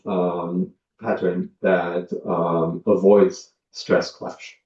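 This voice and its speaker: A man's voice: lowish voice, mellow. Man giving a roomy lo-fi lecture. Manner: measured, many ums and uhs, explains with examples. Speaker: linguistics lecturer. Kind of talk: academic lecture. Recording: dull lo-fi sound, roomy, from a distance.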